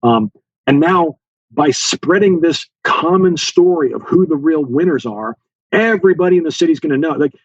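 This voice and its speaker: This former Special Forces officer, appearing as a guest author, recounts a story in an interview, acting out the dialogue and filling it with fillers as he goes. He has a fairly high-pitched voice at normal speed. There's no room sound, and the highs are cut off.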